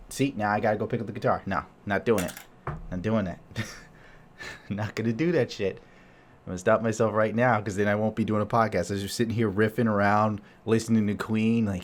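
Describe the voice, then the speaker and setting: A man's voice: on the low side, a little fast. A man hosting a solo podcast, talking in a crude, jokey, rambling way. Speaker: podcast host.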